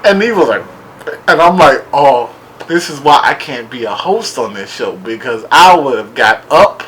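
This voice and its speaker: A man talks through a TV episode in a loose, chatty review, his voice bright and a little high. He swings his pitch around as he acts out the people in it and often breaks into laughter. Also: moderate pace, slight background noise, low-quality recording. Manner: animated, laughing, acts out quotes. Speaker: show reviewer. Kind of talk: casual recap and commentary.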